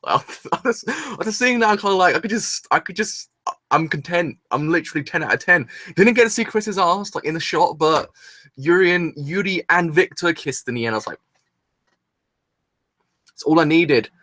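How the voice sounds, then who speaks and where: Gushing young man, lively and bright. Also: high-pitched, a little fast, no room sound. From England. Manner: breathless, gushing, exclamatory with rambling restarts. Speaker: anime reaction host. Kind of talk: excited solo reaction video.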